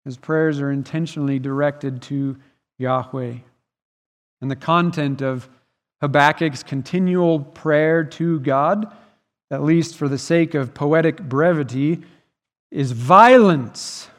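In a church sanctuary, a pastor preaches earnestly and emphatically, his volume swelling and falling away. His voice is a little high with fairly even intonation and an unhurried pace, wrapped in the long reverb of the hall.

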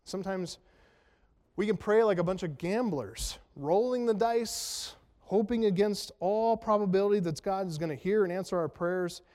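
A male pastor with a fairly high voice delivers a sermon, chatty and wry, full of rhetorical questions and self-mocking jokes. His words ring out with a long reverb in a large church hall. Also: moderate pace, darkish tone. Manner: conversational, self-deprecating humor, rhetorical questions. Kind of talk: expository sermon.

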